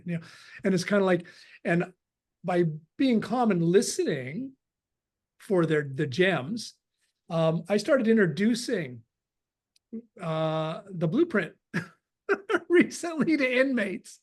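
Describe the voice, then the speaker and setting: A man's voice: sits high, expressive, takes it slowly, long pauses. A man chatting on a video call webinar, rambling with restarts and acting out quoted dialogue. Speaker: webinar participant. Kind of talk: casual chat.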